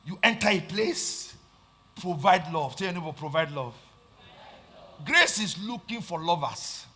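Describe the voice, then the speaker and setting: A man with a Nigerian accent preaching a sermon, swinging between shouted lines and hushed asides and repeating phrases for emphasis. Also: high voice, lively intonation, measured pace. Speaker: pastor.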